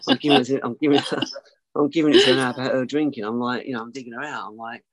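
A man's voice: mid-range voice, steady tone, rapid-fire, no room sound, poor audio. A man telling a candid personal story as an interview guest, rambling, repeating himself and swearing freely.

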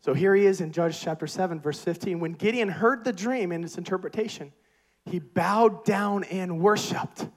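A man preaching a sermon with energetic, emphatic repetition. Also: high voice, moderate pace.

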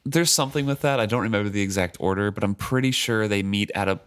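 A man with a lowish voice talks over a novel in casual conversation. He is relaxed and chatty, hedging often, and breaks into reading passages aloud. His pitch sits a bit below most men's. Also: fast, clean tone. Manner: relaxed, chatty, with many hedges. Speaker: book discussion co-host.

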